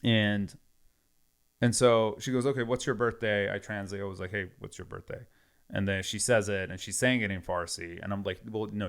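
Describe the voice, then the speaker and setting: A man's voice: low-pitched, gravelly. A man casually retelling a story with lots of quoted back-and-forth. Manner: animated retelling with many quoted exchanges.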